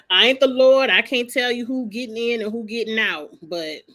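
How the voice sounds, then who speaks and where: A woman's voice: a little high, fairly bright tone. Sassy, blunt woman ranting. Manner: blunt, sassy, swears freely. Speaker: vlogger commenting on a reality show. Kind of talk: casual opinionated commentary.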